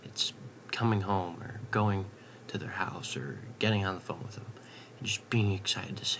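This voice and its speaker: A young man vlogging in a late-night ramble at home, swearing casually and drifting into soft half-whispers. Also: deep voice, steady tone, normal speed.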